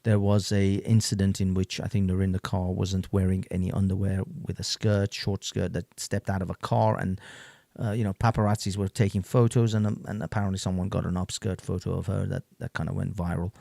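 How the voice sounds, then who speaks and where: A man's voice: deep voice, level tone, a little fast, gravelly, warm tone, no echo. Rambling man ranting, dry close sound. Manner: rambling, repeats words, laughs often. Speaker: host reacting to clips. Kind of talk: casual ranting commentary.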